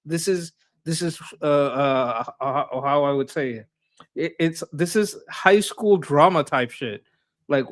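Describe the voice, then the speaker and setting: A man co-hosts a political livestream in a blunt, profane way, tripping over his words as he goes. His voice is somewhat high for a man. Now and then he mocks other people in put-on voices. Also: moderate pace. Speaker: livestream co-host. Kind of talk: casual livestream commentary.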